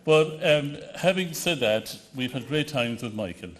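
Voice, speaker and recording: A man's voice: mid-range voice, expressive, measured pace. A man from the west of Ireland with a Connemara accent gives an anecdotal tribute speech, often restarting and hesitating as he tells his stories. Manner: storytelling with frequent restarts and hesitations. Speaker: award ceremony speaker.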